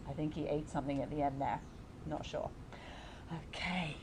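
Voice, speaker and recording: A woman's voice: low-pitched, fairly even intonation, moderate pace, a little mellow, husky. A woman teaching a yoga class for young children, giving playful, encouraging, story-like instructions.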